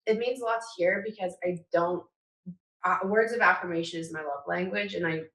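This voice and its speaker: Low-voiced emotional woman podcast host. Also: brisk, a bit bright, roomy sound, poor audio. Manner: emotional, rambling, many "like" fillers. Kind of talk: casual heartfelt chat.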